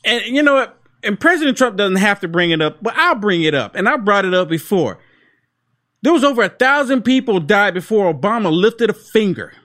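A man's voice: sits high, big pitch swings, a little fast, pushed and bright. A man co-hosting a casual political chat, emphatic and peppering his talk with "dude". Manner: emphatic, keeps saying dude. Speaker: podcast co-host.

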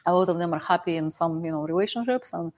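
Woman, Russian accent, casual chat guest, hesitant with fillers, lower pitch. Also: fast talker. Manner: hesitant, many uh fillers, soft laughs.

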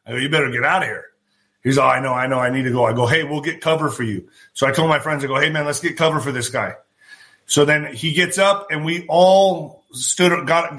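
Man, podcast host, casual storytelling, acts out dialogue, swears a lot, tense bright voice. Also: on the high side. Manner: animated, swears freely, acts out quoted dialogue.

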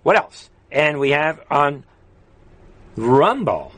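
A man's voice: on the high side, very animated, slow pace, no echo. Fired-up man ranting on a livestream. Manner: fiery, repetitive exhortations, swings from shouting to quiet. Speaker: livestream commentary host. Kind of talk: political livestream rant reading chat comments.

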